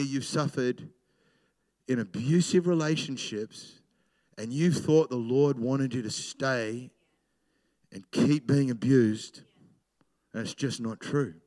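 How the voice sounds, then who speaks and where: A middle-aged pastor with a medium-pitched voice preaches a sermon conversationally. He swings between loud emphasis and hushed storytelling.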